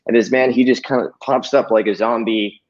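A hypnotist guest on a video call tells a story casually and animatedly, packed with fillers and some swearing. His mid-range voice is fairly quick, and the audio is dull and lo-fi.

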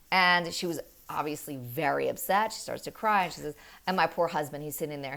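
A middle-aged woman and mother explaining parenting in an earnest, animated way, telling stories with quick laughs. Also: lowish voice, creaky. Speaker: parenting guest. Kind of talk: conversational explaining.

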